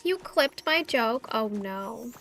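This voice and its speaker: Woman streamer, giggly and playful, high voice, casual gameplay chatter. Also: animated, slow pace, a bit bright, soft background music.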